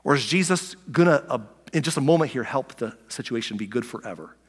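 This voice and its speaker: Conversational pastor in a big echoing hall. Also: male voice, medium pitch, lively intonation, brisk, husky. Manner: conversational, swings from loud to near-whispered. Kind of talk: sermon.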